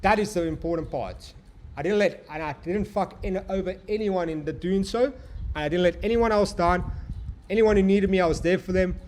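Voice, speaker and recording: Hyped young man streaming, slightly high voice. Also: brisk, darkish tone. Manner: hyped, profane, motivational, addresses chat as bro. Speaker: trading livestream host. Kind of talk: live-stream chat and pep talk.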